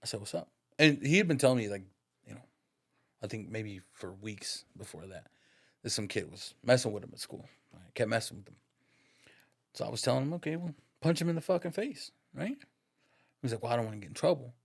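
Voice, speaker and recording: A man's voice: lowish voice, a little fast, vocal fry, pauses often, slightly rough. A man as a podcast guest, telling a story in casual, profane, slangy talk and acting out the voices in it. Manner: lively, acts out the voices in his stories.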